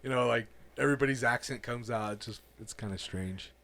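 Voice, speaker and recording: A man's voice: medium pitch, a little fast, gravelly, pushed and bright, no room sound. A man co-hosting a podcast in casual chat, easygoing and agreeable, with many hesitant fillers. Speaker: podcast co-host.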